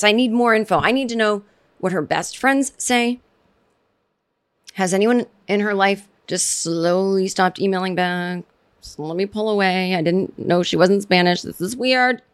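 A woman's voice: medium pitch, normal speed. A woman hosting her own comedy podcast, talking solo in a rambling, sarcastic way with many restarts and asides. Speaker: podcast host.

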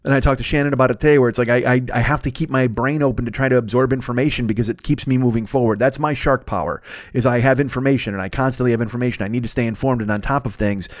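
A man in his fifties, a podcast host rambling through a profane, animated casual monologue. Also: medium pitch, racing, no echo, clean studio sound. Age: 50s.

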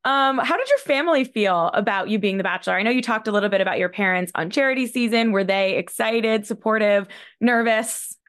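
A woman's voice: mid-range voice, expressive, a little fast, hardly any pauses, a bit bright. A woman hosting a casual interview, asking chatty, upbeat questions. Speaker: podcast host.

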